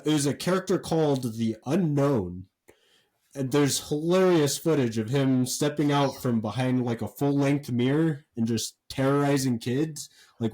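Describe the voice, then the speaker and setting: A man co-hosting a podcast, telling a story in a rambling, animated way with lots of fillers and swearing. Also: mid-range voice, low-quality recording. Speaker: podcast co-host. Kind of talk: casual chat.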